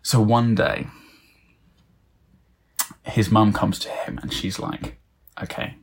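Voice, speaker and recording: A man improvises a comic story and keeps circling back with fillers and false starts. His voice sits low and has a husky, gravelly texture. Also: takes it slowly. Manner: rambling, full of fillers and restarts.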